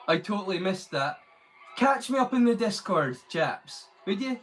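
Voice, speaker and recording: A man's voice: high voice, sing-song, normal speed, fairly bright tone, a little hiss or hum. A man hosting a live stream, chatting casually and rambling while he reads the chat aloud.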